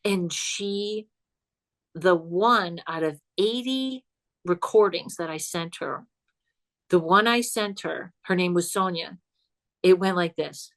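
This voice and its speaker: A woman guesting on a podcast as a psychic comedian, telling a spooky story in an animated, chatty way and laughing as she goes. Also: lowish voice, slow pace. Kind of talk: casual storytelling chat.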